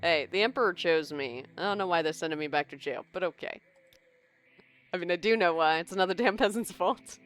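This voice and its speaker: A woman's voice: on the low side, brisk, fairly bright tone, faint music behind. Chatty woman streaming a game. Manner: chatty, laughs often. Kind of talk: casual gameplay commentary.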